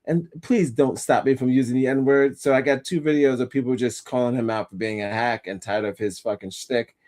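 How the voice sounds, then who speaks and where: A man's voice: medium pitch, steady tone, a little fast, darkish tone. A man hosting a casual commentary podcast, rambling and swearing, often laughing at his own jokes. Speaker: podcast host.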